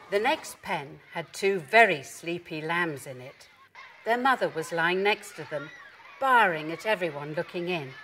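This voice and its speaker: A woman gently reading a children's story aloud. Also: fairly low pitch, expressive, measured pace, slight background noise.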